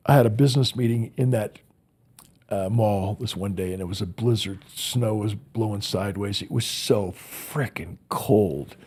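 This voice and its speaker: A motivational speaker appears as a podcast guest, telling earnest stories and often repeating words while he searches for them. His voice is lowish and darkish, with a breathy edge.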